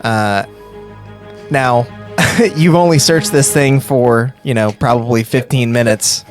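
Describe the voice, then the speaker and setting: A man narrating as game master of a tabletop game, pausing often with fillers. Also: mid-range voice, faint music behind. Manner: halting, with many fillers.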